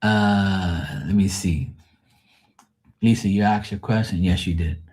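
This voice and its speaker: A man's voice: deep voice, steady tone, slow pace, darkish tone. A man hosting a live tarot stream, telling rambling family stories full of swearing and laughing asides. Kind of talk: casual storytelling livestream.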